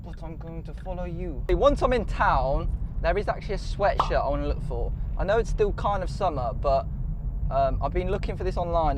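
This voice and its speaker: A young man vlogging casually from his car, chatty and swearing freely as he talks to his viewers. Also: a little high. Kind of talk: casual vlog while driving. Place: inside a car. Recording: clear car and road noise. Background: car and road noise.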